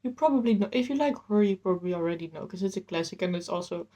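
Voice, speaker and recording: A woman chatting casually about books she has read, enthusiastic and a bit rambling, slightly out of breath. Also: rapid-fire. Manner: enthusiastic and rambling, with lively jumps in pitch. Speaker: book vlogger. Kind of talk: casual chat.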